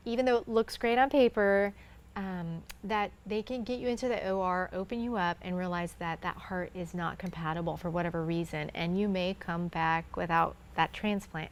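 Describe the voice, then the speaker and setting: A woman in her thirties, a guest in a conversation, telling a personal faith story earnestly and acting out what others said. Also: lowish voice.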